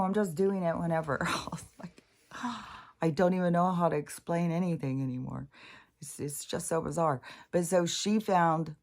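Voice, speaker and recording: A middle-aged woman talking in a rambling, casual monologue, swearing freely, laughing often and trailing off mid-thought. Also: deep voice. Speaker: spiritual vlogger.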